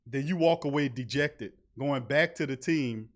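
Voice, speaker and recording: A man's voice: medium pitch, normal speed. A man hosting a fan sports talk show, ranting in casual slang, firing off rhetorical questions and laughing mockingly at his team's front office. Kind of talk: fan sports commentary rant.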